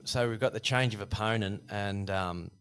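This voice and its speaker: A man, a guest telling a casual, animated story about his boxing past with many fillers. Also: lowish voice, moderate pace, smooth. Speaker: podcast guest, former Thai boxer.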